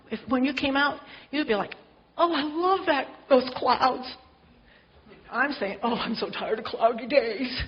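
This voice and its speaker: A woman leading an informal church group discussion, chatty and encouraging, asking the group to chime in. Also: on the high side. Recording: dull lo-fi sound with faint noise.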